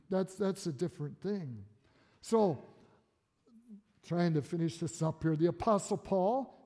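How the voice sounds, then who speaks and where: A man's voice: fairly high pitch, dark tone. A male pastor preaching a sermon in a folksy, conversational storytelling manner. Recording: echoey hall.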